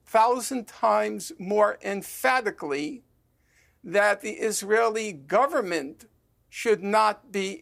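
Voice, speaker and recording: A man speaks as a guest in a heated televised debate. His delivery is unhurried and gravelly, with a rough fry under the words. He keeps pressing the host, insistent and deliberate. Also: sits high, a bit bright.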